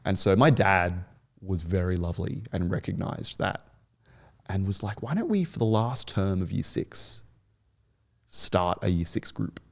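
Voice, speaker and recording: Young guy rambling earnestly on a podcast, low gravelly voice. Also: animated, measured pace. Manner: earnest, rambling with frequent restarts. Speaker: guest. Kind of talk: podcast interview.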